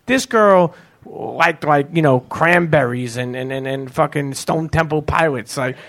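A man hosts a live show in an event space, spinning loose, profanity-laced anecdotes between audience questions. His voice sits a little higher than most men's, and his storytelling is animated and rambling. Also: measured pace, gravelly. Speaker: host. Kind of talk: live podcast hosting and storytelling.

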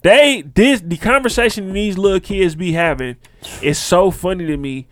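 A man in his thirties talks casually on a podcast, spinning long stories about his kids and friends and acting out what everyone said. His voice sits high, and it is recorded dry and close with no room sound. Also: moderate pace, fairly bright tone, dry recording. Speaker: podcast co-host. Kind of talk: casual chat.

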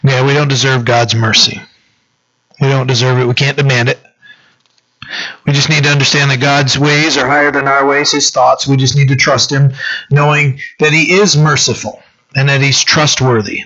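A man's voice: medium pitch, little pitch movement, normal speed, bright, forceful tone, muffled recording. A man preaching a conversational sermon as pastor, often asking "right?" and saying "you know". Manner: casual, peppers talk with "you know" and "right?".

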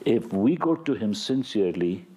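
A man's voice: lowish voice, very animated, moderate pace, a crowd in the background. A man pastor preaching a sermon, reading psalms aloud with rising, fervent emphasis.

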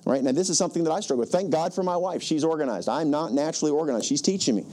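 A man in his fifties delivers a sermon in an emphatic preaching manner, often repeating himself for effect. His voice sits slightly high for a man, with a warm, mellow tone. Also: racing, slight background noise. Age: 50s. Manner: emphatic preaching, repeating "guess what?" and quoting scripture. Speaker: pastor.

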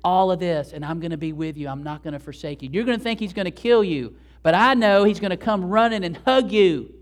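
A man voicing God as a steady, reassuring, fatherly presence, spoken with earnest emphasis in the middle of a sermon. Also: sits high, brisk.

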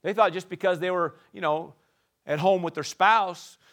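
A man preaching a sermon in an animated, playful way, swinging from soft asides to shouting. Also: high-pitched, moderate pace. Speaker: pastor.

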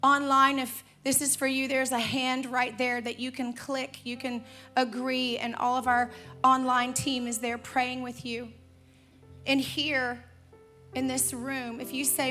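A woman's voice: high-pitched, level tone, measured pace, bright, forceful tone, faint music behind. A woman pastor preaching in a church and leading the congregation in prayer, earnest and drawn out on key words. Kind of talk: sermon with altar call and prayer. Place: church auditorium, also streamed online.

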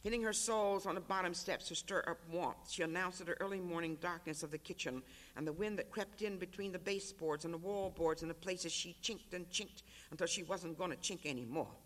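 An author reads a literary excerpt aloud at a panel. The voice sits high for a man and the narration moves at an even, rhythmic pace. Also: a little fast. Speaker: author reading. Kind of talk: literary reading.

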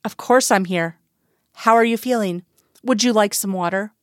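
A woman reading the part of a worried older mother, soft-voiced but insistent and pleading. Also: mid-range voice, moderate pace, clear, resonant tone, dry recording, studio quality, natural voice.

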